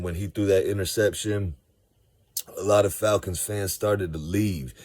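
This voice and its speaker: A man from Georgia, giving a casual, animated fan recap of a football game. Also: sits low, no echo. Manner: animated, slangy, storytelling. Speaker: sports fan vlogger.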